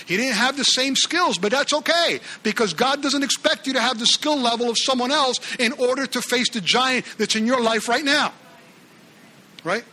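A man preaching a sermon in an animated way, acting out the Bible characters' lines and often restarting his phrases. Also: very high voice, husky. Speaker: pastor.

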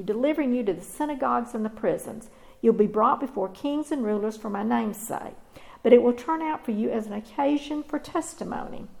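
A woman pastor delivers a sermon in a measured, earnest manner. Her voice sits a little higher than most and carries a gravelly, creaky texture. She paces her words with deliberate pauses. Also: a little mellow, rough recording.

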